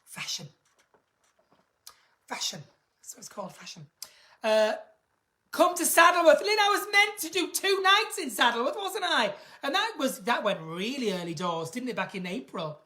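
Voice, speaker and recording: A British woman hosts a live stream from home, camp and theatrical, reading out comments. Her voice is bright and sits a little high. She jumps between loud exclamations and muttered asides. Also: very animated, normal speed, long pauses. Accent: British English. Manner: camp, theatrical, reads viewer comments aloud; big swings in pitch and loudness, sudden exclamations. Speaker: singer hosting a live stream. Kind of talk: chatty live-stream banter.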